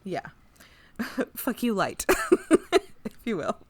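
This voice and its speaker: Lively, rambling woman podcaster. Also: medium pitch, very slow, breathy edge, dry recording. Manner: rambling, laughs often, swears. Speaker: podcast co-host. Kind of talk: casual chat recapping an episode.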